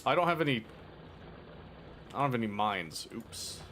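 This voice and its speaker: A man's voice: mid-range voice, expressive, normal speed, a bit bright, slight background noise. A man streaming a game, chatting casually with his viewers in a playful, teasing and mock-dramatic way. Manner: rambling, talks to chat. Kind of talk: casual live-stream chat while gaming.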